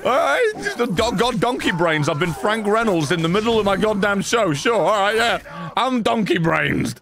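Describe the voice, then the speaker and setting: A man giving live gameplay commentary, excitable, swearing and bursting into laughter. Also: sits high, moderate pace, slight background noise. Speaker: gaming streamer.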